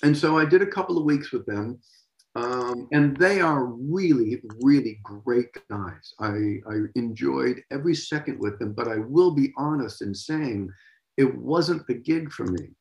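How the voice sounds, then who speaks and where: A man in his sixties from Massachusetts tells stories as an interview guest, animated and vivid. His voice carries a gravelly edge at a middling pitch, heard in a roomy, echoing space. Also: measured pace. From Massachusetts, USA. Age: 60s. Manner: animated storyteller, vocalizes drum beats. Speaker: guest drummer. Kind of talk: casual interview storytelling.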